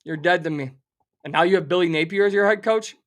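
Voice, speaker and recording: A man's voice: sits high, fast. Fired-up man ranting as sports host. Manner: animated, sarcastic, theatrical outrage. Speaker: sports talk show host. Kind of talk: fired-up sports betting rant.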